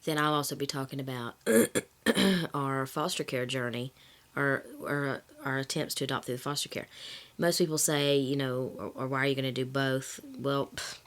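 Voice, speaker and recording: A woman talking candidly to camera in a personal vlog, rambling and correcting herself, with a slight cough and throat-clearing. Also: very deep voice, steady tone, normal speed. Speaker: vlogger.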